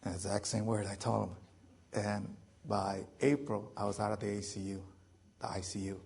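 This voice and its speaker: A man in his forties with a deeply gravelly, rough-edged voice tells his own story to a crowd. He sits a little low in pitch and speaks loosely, cracking jokes and leaning on fillers between thoughts. The delivery feels like candid storytelling rather than a prepared speech. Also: steady tone, moderate pace, darkish tone. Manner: joking, loose, heavy with fillers. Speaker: veteran speaker. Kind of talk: storytelling talk to an audience.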